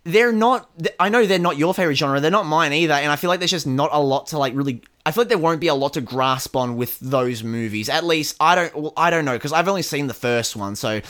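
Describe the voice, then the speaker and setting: A man's voice: on the high side, brisk, few pauses, a bit bright. A man co-hosting a podcast, chatting casually and rambling with many fillers. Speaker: podcast co-host. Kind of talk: casual chat.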